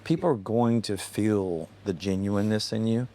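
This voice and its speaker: A man's voice: lowish voice, moderate pace, dark tone. Joking American man hosting a podcast. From United States. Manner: joking, asks short questions. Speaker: podcast host. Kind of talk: casual interview chat.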